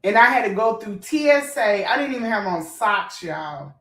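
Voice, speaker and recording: A woman's voice: mid-range voice, lively intonation, moderate pace, a bit bright, recorded from a distance. Fired-up woman ranting in an echoey room. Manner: blunt, profane, emotional, talks straight to viewers. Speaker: vlogger. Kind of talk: heated storytime rant.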